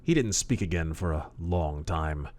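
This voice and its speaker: A man with a very low voice reads a pulp detective story in a gruff, deadpan way. His delivery is clipped and hard-boiled. The recording is dry and close. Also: a little slow, no echo. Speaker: audiobook narrator. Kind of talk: hard-boiled first-person audiobook narration.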